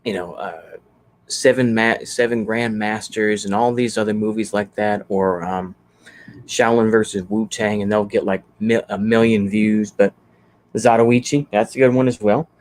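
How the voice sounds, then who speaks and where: A man with a drawl talks in a somewhat low voice, casually chatting on a livestream. He rambles in an easygoing way, thinking aloud with plenty of ums and restarts. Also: fairly even intonation, a little slow, darkish tone. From Texas. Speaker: channel host. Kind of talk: casual livestream chat reading comments.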